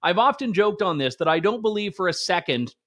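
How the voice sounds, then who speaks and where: Male pundit with a high voice, talking straight to camera in a wry, sarcastic monologue. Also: animated, a little fast, a bit bright. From Canada. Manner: sarcastic, conversational, emphatic. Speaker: political commentary show host. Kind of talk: opinion commentary monologue.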